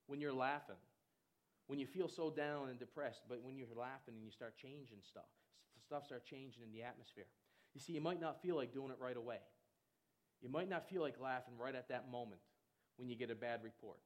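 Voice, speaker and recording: A man preaching a sermon with exuberant energy. He often repeats words and breaks into loud laughter. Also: medium pitch, a little fast.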